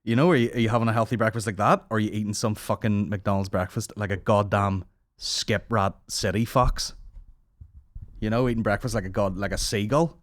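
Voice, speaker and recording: With a steady tone in a lowish voice, a man in his thirties speeds along a little fast on his comedy podcast, sarcastic and rambling, cursing constantly into a studio microphone with no echo.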